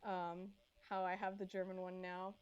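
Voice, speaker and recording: A woman's voice: on the low side, completely flat delivery, normal speed, clean tone, muffled recording. A woman streaming live who chats casually with her viewers and answers their messages, sounding slightly congested. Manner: chatty, reading and answering chat.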